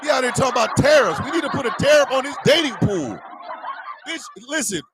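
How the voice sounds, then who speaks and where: A man hosting a radio morning show, telling a profane comedic rant in a loud, animated way. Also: very high-pitched, a little fast, background noise. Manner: loud, animated, profane storytelling with mock voices.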